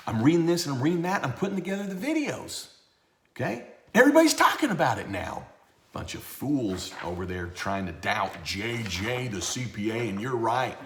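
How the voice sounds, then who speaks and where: A lively man delivering blunt, sarcastic commentary, his pitch jumping all over as he rants. His middle-range voice rings a little in a roomy space. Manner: animated and blunt, with a sarcastic edge. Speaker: CPA and tax educator. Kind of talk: ranting video commentary.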